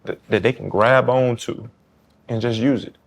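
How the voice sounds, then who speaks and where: A man in his thirties, a football player with a New Orleans accent, appears as a podcast guest, speaking casually and animatedly and acting out quoted dialogue. He has a mid-range voice with vocal fry and talks at a normal speed.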